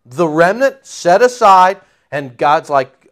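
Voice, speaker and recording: A man preaching a Bible study, animated and joking, acting out voices in quotes. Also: on the high side, slow pace, hardly any pauses. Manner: animated, jokey, acts out quotes. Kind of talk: Bible teaching.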